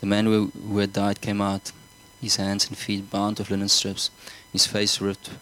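A man's voice: lowish voice, monotone, normal speed, bright, forceful tone, low-quality recording. A man preaching a sermon, earnest, often repeating words and asking the congregation whether they follow. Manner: earnest, repeats himself, asks the congregation questions.

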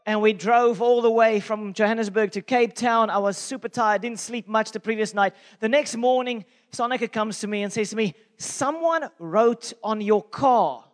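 Pastor, man, 40s, from South Africa; animated, self-mocking sermon storyteller, very high voice, reverberant church hall. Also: a little fast.

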